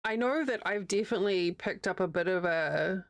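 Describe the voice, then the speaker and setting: A woman's voice: on the low side, normal speed, dry recording. A woman in her thirties with a New Zealand accent, chatting casually and rambling while crocheting on a livestream, laughing easily. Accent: New Zealand, with a slight American Southern tinge.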